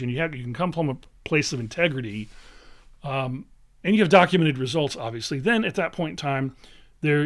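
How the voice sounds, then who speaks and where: A man's voice: fairly high pitch, fairly bright tone. A man teaching real estate wholesaling on a live webinar, emphatic and salesy, peppering his points with "okay?" and "all right?". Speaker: real estate investing coach.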